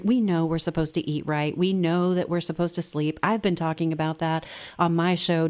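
A woman's voice: fairly low pitch, darkish tone. A woman hosting a radio talk show, chatty and conversational with her guest and callers.

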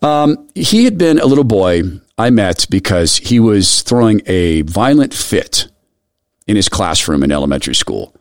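Earnest low-voiced man hosting radio. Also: big pitch swings, normal speed, dry recording, studio quality. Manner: earnest, soft storytelling that drops quiet when moved. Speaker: radio show host. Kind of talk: radio commentary with personal story and prayer.

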